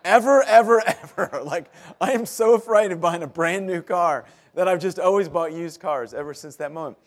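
Middle-aged pastor, man, fairly high voice, folksy storytelling sermon that turns lively for the jokes. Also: moderate pace. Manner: chatty storytelling with self-deprecating humor and laughs; animated, rises in pitch and volume at punchlines.

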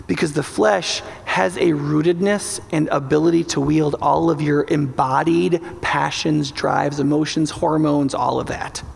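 A man preaching a sermon in an animated, joking way, now and then acting out inner voices. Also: fairly high pitch, unhurried, gravelly, hardly any pauses. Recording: large hall with long reverb.

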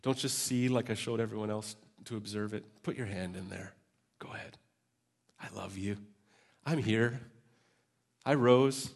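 A man voicing Jesus as a gentle, tender risen figure who speaks softly and intimately to a doubting follower. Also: on the low side, steady tone, a little slow, pauses often. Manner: soft, hushed and intimate.

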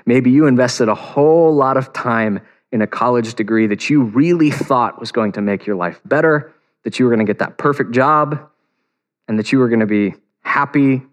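A man preaching a sermon in an earnest, conversational way, slowing down to stress key words. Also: mid-range voice. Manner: conversational, earnest, slows for emphasis. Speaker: pastor.

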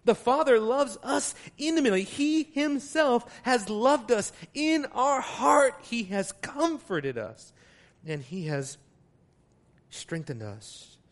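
A man preaching a sermon, teaching from the Greek text, moving between quiet asides and loud, stressed words. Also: extremely high pitch, big pitch swings, slow. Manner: teaching, explains Greek wording.

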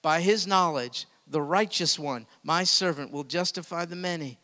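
Man, pastor preaching, hushed asides to booming peaks, bright tone, long hall reverb. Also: moderate pace. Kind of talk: sermon.

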